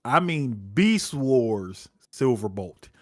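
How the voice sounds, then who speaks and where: A man's voice: mid-range voice, very animated, takes it slowly, no echo, studio quality. A man co-hosting a casual comic book talk show, laid-back as he reads out viewer questions. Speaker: podcast co-host.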